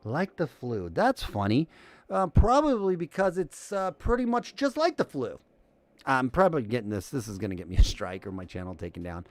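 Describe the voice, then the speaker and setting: A sarcastic man hosting a news commentary stream, with a slightly raised pitch that leaps around a great deal. He swings from loud jabs to low muttered asides. His voice sounds close and dry. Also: huge pitch swings, moderate pace, no room sound. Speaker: host.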